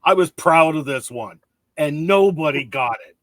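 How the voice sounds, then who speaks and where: A man hosts a casual live stream, his voice swinging widely in pitch as he talks and laughs easily. The sound is dry and close. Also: animated, moderate pace, dry recording. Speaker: podcast host.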